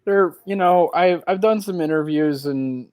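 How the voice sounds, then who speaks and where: A man from Washington State talks casually on a podcast, telling stories at an easy pace. His voice sits at a middle pitch. The recording is dry and close. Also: a little slow, darkish tone, clean tone, no echo. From Washington State, USA. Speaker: podcast co-host, freelance writer.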